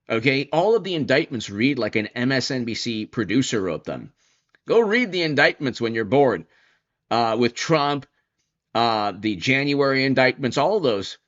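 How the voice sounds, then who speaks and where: Male political commentator, lively and sarcastic, dull lo-fi audio. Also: medium pitch, moderate pace. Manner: animated, sarcastic, mocks opponents in put-on voices. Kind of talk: opinion commentary monologue.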